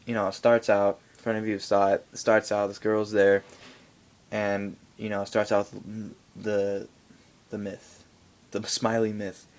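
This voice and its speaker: A man's voice: on the low side, measured pace. A young man giving a casual, rambling movie review in a home vlog, full of fillers and asides. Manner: rambling, animated, many fillers.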